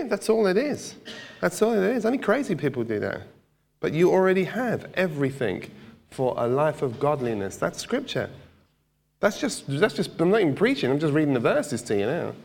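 A man preaching a sermon in a conversational way, putting questions to the congregation and making joking asides. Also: high-pitched. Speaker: pastor. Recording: long hall reverb.

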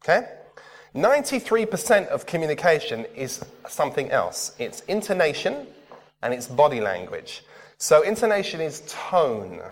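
Preaching at a moderate pace, a man with a slightly high voice lets his pitch swing widely. He keeps the sermon casual, often turning to the congregation with questions. The recording has a big-room sound.

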